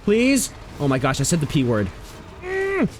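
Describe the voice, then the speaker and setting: Guy streaming a game, voice bouncing all over the place, mutters then yells and swears, bit of background hiss. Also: on the high side, measured pace. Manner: animated, swings from mumbling to loud outbursts, swears. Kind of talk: casual live gaming commentary.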